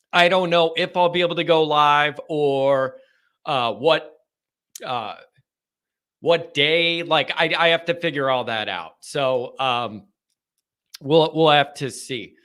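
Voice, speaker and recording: A man hosts a live call-in stream in a loose, easygoing chat. He wanders from point to point with quick laughs and restarts. His voice sits a little high and sounds very bright and forward. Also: clean tone. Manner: rambling and chatty, with small laughs and restarts. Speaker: host of a fan call-in show.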